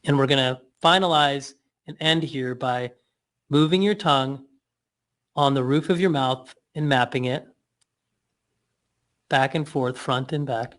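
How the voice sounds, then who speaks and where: A man leading a guided breathing and mouth exercise, giving slow cues with playful asides. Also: medium pitch, a bit bright.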